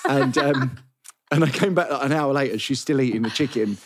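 A man's voice: medium pitch, fairly quick. A man co-hosting a podcast, telling stories in a meandering, hesitant way with many restarts. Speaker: podcast host. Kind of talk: casual chat.

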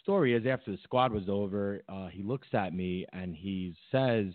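A man's voice: low voice, moderate pace, few pauses, dry recording. A man co-hosting a podcast, telling a rambling story in casual chat with many fillers and restarts. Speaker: podcast co-host. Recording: tinny phone-like line, dry.

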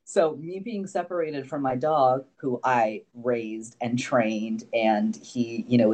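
A man with a medium-pitched, slightly mellow voice is a guest on a podcast. He tells a long story in a loose, rambling way, full of fillers and casual swearing, laughing often between remarks.

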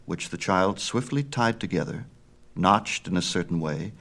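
A man reads a myth aloud with measured, expressive storytelling. His voice is very low, yet it rises and falls widely as the tale unfolds. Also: vocal fry. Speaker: audiobook narrator.

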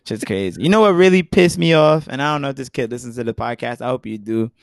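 A young man with a New York accent, co-hosting a podcast in casual, profane, animated chat. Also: medium pitch, fast talker, creaky, no echo, clean studio sound. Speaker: podcast co-host.

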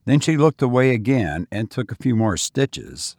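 A man with a husky voice narrating a story aloud, with a lively, rising and falling delivery. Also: mid-range voice, moderate pace, no echo, clean studio sound.

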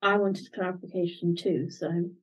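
A woman's voice: on the low side, steady tone, normal speed, breathy edge, lo-fi sound. A woman co-hosting a casual podcast, hesitant and searching for words. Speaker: podcast co-host. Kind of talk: casual chat.

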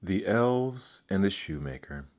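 Deep-voiced man reading fairy tales. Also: animated, slow pace. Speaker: storyteller. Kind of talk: storybook narration.

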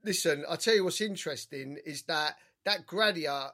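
Animated man talking boxing. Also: on the high side, moderate pace. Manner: animated, opinionated, rattles off names. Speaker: boxing podcast co-host. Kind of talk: casual chat.

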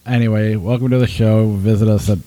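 A man hosting a movie podcast in a low, warm, mellow voice. He talks loosely and laughs easily. He rattles off the show's plugs from a list, and the sound is close and dry. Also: steady tone, fairly quick, no echo, low-quality recording. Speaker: podcast host. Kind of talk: casual podcast chat.

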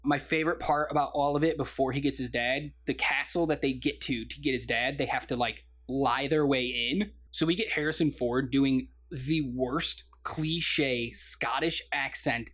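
A man's voice: mid-range voice, fairly even intonation, normal speed, few pauses, fairly bright tone. A man co-hosting a casual movie review chat, eager and laughing often as he acts out lines from the film. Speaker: podcast co-host.

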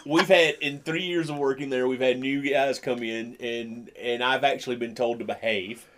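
A man's voice: medium pitch, steady tone, normal speed, heavy background noise. A man talking in a casual chat, joking and teasing, laughing often. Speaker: podcast co-host.

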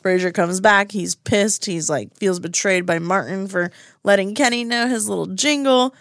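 A woman co-host recapping an episode with lots of energy, slipping into little voices for the characters and swearing casually. Her voice sits at an ordinary middle pitch. It is close-miked in a dead, dry studio. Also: moderate pace, no room sound. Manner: animated, acts out characters' lines, swears casually. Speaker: podcast co-host. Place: recording studio.

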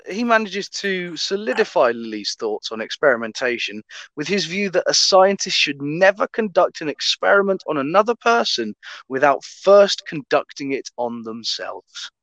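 A man's voice: high-pitched, very animated, unhurried, a bit bright, no echo, dull audio. A man casually telling a story in a podcast chat, laid-back, swearing and laughing often.

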